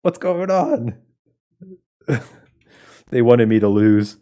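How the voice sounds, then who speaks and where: A man's voice: mid-range voice, lively intonation, very slow, dark tone. A man giving casual commentary while playing games, laid-back and chatting with viewers, often laughing. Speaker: game streamer. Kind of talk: casual game playthrough commentary.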